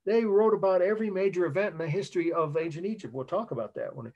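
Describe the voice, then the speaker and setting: A man teaching a college art history class over a video call, talking in a relaxed, halting way with frequent restarts and asides. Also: sits high, lo-fi sound. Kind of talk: online lecture. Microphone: computer mic on a video call. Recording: video call audio with dropouts.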